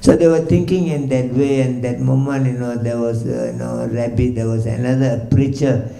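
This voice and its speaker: A man's voice: mid-range voice, fairly even intonation, moderate pace, vocal fry, dark tone, soft background music. A man, a swami, telling a devotional story in a morning sermon. He leans on "you know" constantly and chuckles as he tells it. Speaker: swami giving a morning lecture. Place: temple hall. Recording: echoey temple hall.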